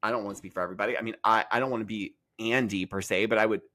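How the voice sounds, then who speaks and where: A man's voice: on the low side, steady tone, racing, pushed and bright. A man guesting on a podcast, chatting casually and often restarting his sentences. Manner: conversational, trailing restarts, says "like". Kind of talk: casual gossip chat.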